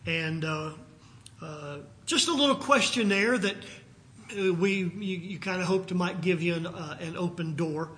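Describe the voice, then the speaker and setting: An older American man delivers a sermon in a high, bright voice. He reads scripture in a rising, emphatic cadence. Then he eases into a halting story with many pauses and fillers. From United States. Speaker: preacher.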